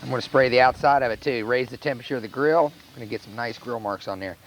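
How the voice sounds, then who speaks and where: A man with a North Carolina accent, a chef talking through a cooking demonstration in a relaxed, plainspoken way. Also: medium pitch, quick pace, slight background noise. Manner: relaxed, plainspoken, step-by-step instruction. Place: outdoor charcoal grill by a house. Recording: dull lo-fi VHS recording.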